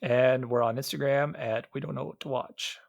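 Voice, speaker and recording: A man's voice: medium pitch, fairly even intonation, normal speed, gravelly, no echo. Rambling man from Iowa, dry close mic. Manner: rambling, many restarts and fillers. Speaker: podcast co-host. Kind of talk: casual movie chat.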